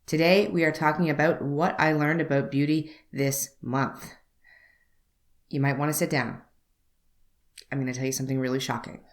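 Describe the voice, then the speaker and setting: A young woman beauty vlogger telling a story to camera, wry and animated, acting out both sides of a conversation. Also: low voice, moderate pace, long pauses.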